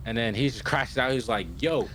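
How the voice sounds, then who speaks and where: With a little hiss or hum on the track, a young man recaps an anime episode briskly in a medium-pitched voice. This podcast co-host casually voices the characters' lines, peppering them with "yo" and frequent "right?" check-ins.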